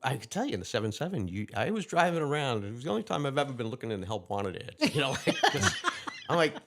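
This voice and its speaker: In a laid-back interview, the guest, a retired lieutenant, speaks in a gravelly medium-pitched voice. His tales tumble out quickly and vividly, and he performs the other people's lines himself.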